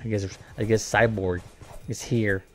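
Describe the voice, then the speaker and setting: Guy joking around while he plays a game, deep-ish voice, talks real slow. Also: steady tone, darkish tone, faint music behind. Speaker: gameplay commentator. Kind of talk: casual game commentary.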